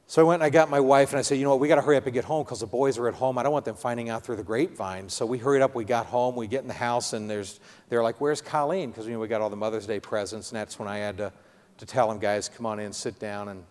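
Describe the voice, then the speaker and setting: A middle-aged man preaching a sermon testimony in an earnest, halting storytelling manner, speaking directly to his audience. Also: on the low side, darkish tone. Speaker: preacher sharing a personal testimony. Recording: long hall reverb.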